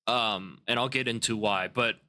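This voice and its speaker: A man's voice: lowish voice, bright, forceful tone. A man hosting his own podcast, recapping wrestling in a casual, opinionated way and swearing freely. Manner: opinionated, swears, quick asides. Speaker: podcast host.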